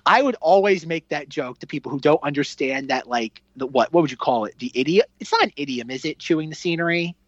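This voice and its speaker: A podcast co-host talks films in loose, animated chat, full of fillers and acted-out reactions. The recording is dull and lo-fi. It sounds dry, with no room around the voice. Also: mid-range voice, fast, hardly any pauses, no room sound. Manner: animated, rambling, filler-heavy, acts out own reactions. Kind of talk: casual film review chat.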